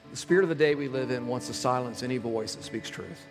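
A male pastor, preaching a sermon conversationally and swinging between loud, animated stretches and hushed ones. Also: mid-range voice, quick pace. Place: church sanctuary. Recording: long hall reverb with music behind.

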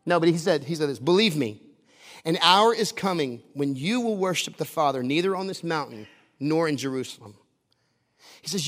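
A man's voice: high-pitched, lively intonation, normal speed, a bit bright. A man pastor preaching a sermon, conversational and joking, with asides to the congregation. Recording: long hall reverb.

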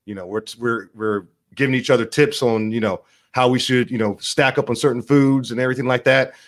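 A man's voice: medium pitch, fairly even intonation. A man hosting his own vlog in a combative, rambling political rant. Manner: combative, rapid, rambling delivery. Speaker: vlog host.

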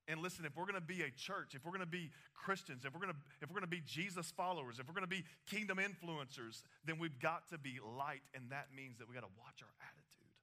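A man preaching a sermon, animated, with casual asides and laughs, a parent of young children. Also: fairly high pitch. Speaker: pastor.

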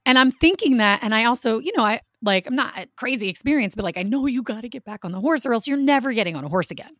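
A middle-aged woman co-hosting a podcast, telling a personal story in a casual, animated way. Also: a little high, fast talker, no echo, clean studio sound. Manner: animated, acts out quotes of others. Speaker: podcast co-host.

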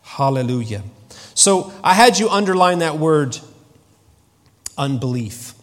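A man preaching a sermon in a church, in a conversational, animated way, often repeating his phrases. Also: a little high, a little slow. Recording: long reverb of a hall.

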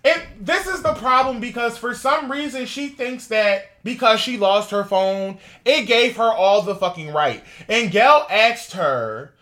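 A man's voice: high-pitched, measured pace, hardly any pauses, pushed and bright. A man co-hosting a gossip podcast, ranting heatedly and swearing constantly in casual chat. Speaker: podcast co-host.

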